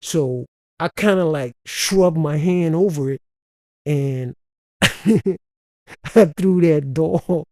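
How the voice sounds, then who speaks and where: A man's voice: on the high side, very slow, long pauses, no echo, clean studio sound. A man from Compton, hosting a podcast and telling a profane, streetwise story with frequent laughs. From Compton, Los Angeles. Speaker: podcast host. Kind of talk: casual storytelling.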